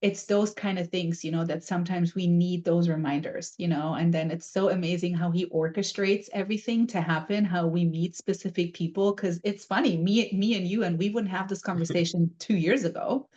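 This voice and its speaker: A woman's voice: fairly low pitch, fairly even intonation, brisk, few pauses, darkish tone, dull audio. A woman hosting a podcast who speaks in long, thoughtful, flowing sentences, often adding "you know". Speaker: podcast host. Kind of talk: reflective conversation.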